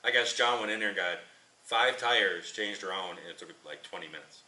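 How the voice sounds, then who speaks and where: A man's voice: sits low, a little fast, noisy background. A man who drives a truck for a living, chatting in a rambling, repetitive way as he tells a story in his vlog from a repair shop. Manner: rambling, chatty, repeats himself. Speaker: trucker and channel host. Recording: echoey shop, mic at a distance.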